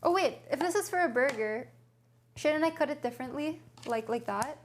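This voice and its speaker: A woman's voice: high-pitched, animated, normal speed, a little hiss or hum. A young woman livestreaming from a home kitchen, casually chatting and thinking aloud as she reads a recipe to her viewers. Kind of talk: casual cooking stream chat.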